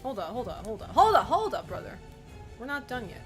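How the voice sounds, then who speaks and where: A young woman streamer talks through her game in a high, bright-pitched voice that leaps all over the place. She is excitable, curses freely and laughs often between tries. Game music plays clearly behind her. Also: brisk. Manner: excitable, swears and laughs a lot, calls the game "bro". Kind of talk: gameplay commentary.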